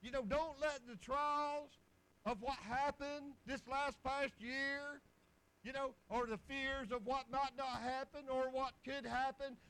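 Preacher guy, real high voice, folksy farm stories, chuckles a lot. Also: a bit bright, smooth, rough recording. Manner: homespun storytelling with chuckles. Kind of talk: folksy sermon testimony.

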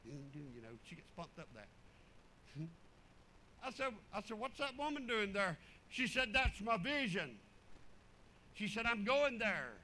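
A man preaching, telling folksy stories in an animated, drawling way. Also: high voice, slow, pauses often, a little hiss or hum, poor audio. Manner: animated, drawling storyteller with chuckles. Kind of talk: folksy sermon storytelling.

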